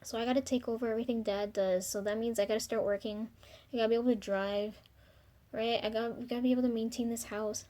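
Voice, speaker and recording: A young woman talking to the camera in a rambling, confessional video diary, full of ums, casual swearing and soft trailing pauses. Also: fairly high pitch, steady tone. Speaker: vlogger.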